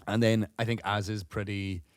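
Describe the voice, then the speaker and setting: A man's voice: lowish voice, level tone, moderate pace, no room sound, studio quality. Sweary laughing man. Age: 30s. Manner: rambling, sweary, laughs through stories. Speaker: podcast co-host. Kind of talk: casual chat.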